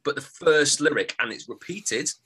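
A man's voice: on the high side, lively intonation, normal speed, bright, forceful tone, breathy edge, rough recording. A man co-hosting a podcast in casual chat, rambling and correcting himself with a joking tone. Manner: rambling, self-correcting, jokey. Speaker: podcast co-host.

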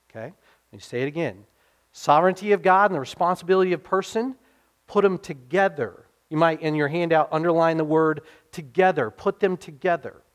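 A middle-aged male pastor delivering a sermon in an earnest, conversational manner. His voice sits a little high for a man, and he keeps checking that his listeners follow along. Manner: earnest, conversational preaching with frequent "okay?" and "right?" checks.

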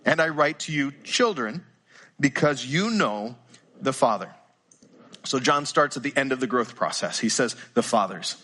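A man's voice: mid-range voice, expressive, moderate pace, fairly bright tone. An older male pastor, preaching a sermon earnestly and often repeating words as he starts sentences.

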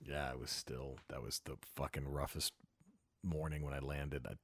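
A man's voice: extremely low pitch, level tone, moderate pace, fairly bright tone, no echo. A comedian talking openly and emotionally as a podcast guest, swearing freely as he remembers a friend.

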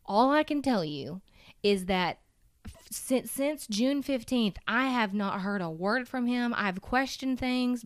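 A woman's voice: fairly high pitch, smooth, dry recording, studio quality. A woman telling a personal story in casual conversation, candid and emotional, swearing now and then and acting out quotes.

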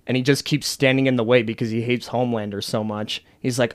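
A man co-hosting a podcast in casual chat, talking in an excitable, emphatic and profane way. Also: medium pitch, quick pace, clear, resonant tone. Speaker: podcast co-host.

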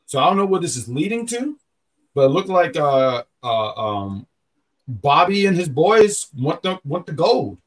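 A man's voice: a little high, big pitch swings, a little slow. A man hosting a podcast in casual, rambling chat, often stopping to correct himself. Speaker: podcast host.

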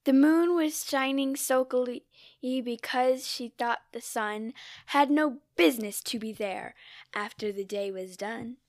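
A woman reciting a classic narrative poem in a measured, theatrical way, now and then dropping to a whisper. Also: fairly high pitch, darkish tone, dry recording, studio quality. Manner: measured, theatrical reading with sudden drops to a whisper. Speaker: poetry reader. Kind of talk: poetry recitation.

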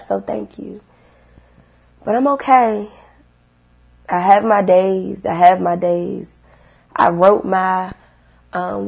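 Gravelly-voiced woman vlogging with faith. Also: medium pitch. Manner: earnest, repeats herself, swings from quiet to loud. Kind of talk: emotional faith-filled vlog monologue.

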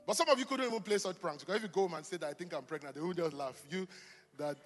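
A man preaching in a church hall, his slightly high voice ringing with long reverb. He talks in a chatty, animated way, joking with the congregation and calling out to them. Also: rapid-fire, soft background music. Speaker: pastor. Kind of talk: sermon.

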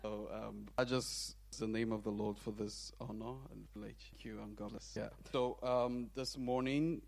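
A man preaching as a guest in a church, humble and soft-spoken with halting fillers, then leading worship singing. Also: lowish voice, steady tone, creaky. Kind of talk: sermon opening and worship singing. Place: church sanctuary.

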